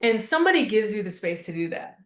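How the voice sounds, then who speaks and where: A woman leads a class in a loose, casual coaching voice, pressing her points with emphatic repetition and the odd casual swear. Her voice sits at an ordinary middle pitch. The recording carries a roomy echo. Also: big pitch swings, fast. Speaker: class facilitator.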